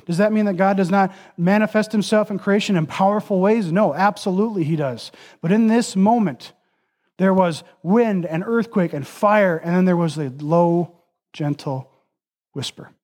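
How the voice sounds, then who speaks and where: A male preacher with a high-pitched voice delivers an impassioned sermon. He stacks repeated phrases into building lists, then sinks to a hushed, almost whispered voice to land a point. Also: moderate pace. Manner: dramatic drops to a soft, near-whispered voice for emphasis.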